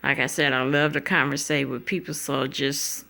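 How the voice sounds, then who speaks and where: A woman telling a painful personal story straight to her viewers, slow and heartfelt. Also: rumbling low, little pitch movement, creaky, sharp tone. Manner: tearful, fighting back tears. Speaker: vlogger.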